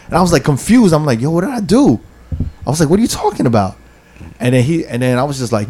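A man's voice: fairly high pitch, sing-song, fast, darkish tone. A young man telling a rambling, slang-filled story to friends and acting out the people in it. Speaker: podcast co-host telling a story. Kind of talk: casual storytelling among friends.

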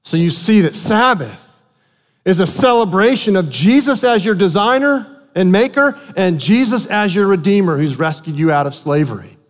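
A man preaching a sermon as pastor, animated and asking his congregation questions. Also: high voice, normal speed. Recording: long hall reverb.

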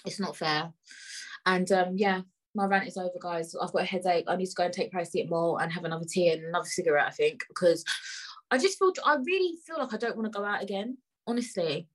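A woman's voice: fairly low pitch, fast, low-quality recording. A woman hosting her own podcast, tired and upset, ranting heatedly in slangy speech and repeating phrases. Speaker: podcast host. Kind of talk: angry ranting monologue.

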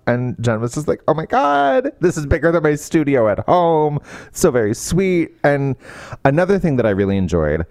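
Man, casual book-podcast co-host, lively pitch, dry close sound, does quick character voices. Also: no echo. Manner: animated, acts out character quotes in lifted voices. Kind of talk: casual book review chat.

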